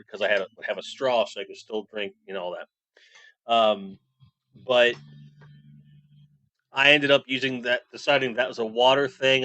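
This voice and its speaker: A man's voice: mid-range voice, pushed and bright, no room sound. A man in his forties chatting casually on a live stream, reading chat messages aloud and rambling. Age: 40s.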